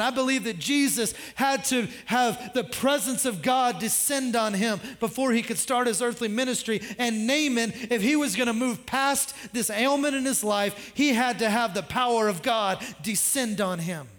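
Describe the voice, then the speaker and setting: A man's voice: very high-pitched, fairly bright tone, big-room sound. A man pastor preaching a sermon in a conversational way, with joking asides.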